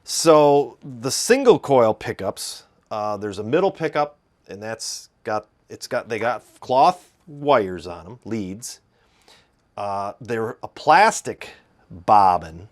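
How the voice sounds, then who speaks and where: Man, Midwestern accent, fairly low voice, casual rambling talk, hesitant. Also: big pitch swings, takes it slowly. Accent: Midwestern American. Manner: rambling, hesitant, full of fillers and restarts. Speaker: guitar video host.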